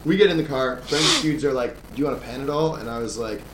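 A man from Australia telling an animated story in casual podcast chat, acting out voices and laughing often. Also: mid-range voice, fast. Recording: echoey room with faint noise.

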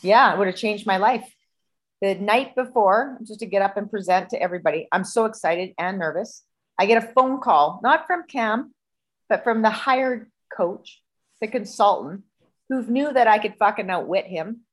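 A woman's voice: medium pitch, moderate pace, poor audio. Profane, heated woman telling her story. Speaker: guest. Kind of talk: candid storytelling on a video call. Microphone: video call.

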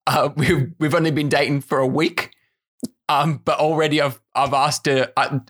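A man's voice: fairly high pitch, flat delivery, moderate pace, a bit bright. A man playing Gaza, an impulsive, blustering character who keeps cutting in during an improvised comedy scene. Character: blustering bloke called Gaza, impulsive and pushy.

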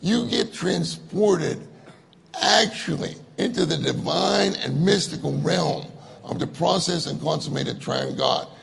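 Gravelly-voiced male preacher, chatty and joking. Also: fairly high pitch. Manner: chatty, joking, laughing with the audience. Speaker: conference speaker. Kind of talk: conversational sermon with audience banter.

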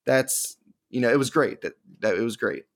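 A man's voice: mid-range voice, normal speed, gravelly, dry recording, studio quality. A man in his twenties co-hosting a podcast, talking casually in a rambling, earnest way over a call. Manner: rambling, filler-heavy, earnest. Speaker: podcast co-host. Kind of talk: casual chat.

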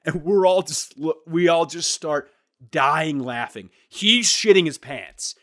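A young man telling a funny story in casual chat, animated and acting out what people said. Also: fairly high pitch, takes it slowly.

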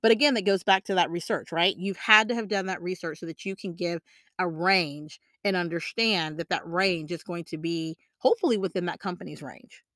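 Speaking fairly quickly in a lowish voice with a fairly bright tone, a career coach urges listeners on salary negotiation. She's emphatic, repeating her main points and often using tag questions to check in. The audio is studio quality, without echo.

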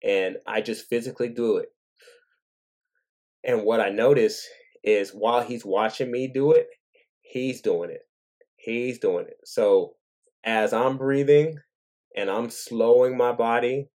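A man hosting his own show, talking earnestly and gently in a casual reflective monologue, thinking aloud as he goes. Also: mid-range voice, slow pace, long pauses. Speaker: father and podcast host.

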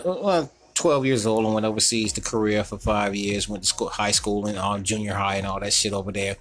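A man telling a childhood story in a casual, animated way, laughing often and talking in loose slang. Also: fairly low pitch. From North Carolina, US. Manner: animated, laughing, slangy, repeats "you know what I'm saying".

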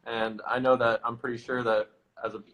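A young man and football player speaking as a guest in calm, thoughtful interview talk, with many fillers. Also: mid-range voice, normal speed, rough recording.

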